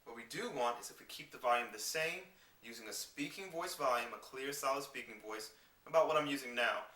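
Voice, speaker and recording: A man giving a singing lesson, explaining clearly and demonstrating vocal scales on simple syllables. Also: mid-range voice, fairly quick, pushed and bright, far from the mic. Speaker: singing teacher. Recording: roomy sound with piano behind. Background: piano accompaniment.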